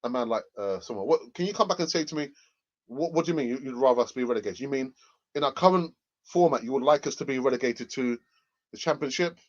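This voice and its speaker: A man hosting a football fan livestream in casual chat. He is excitable and often repeats his phrases for emphasis. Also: medium pitch, fast talker, muffled recording. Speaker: football fan channel host.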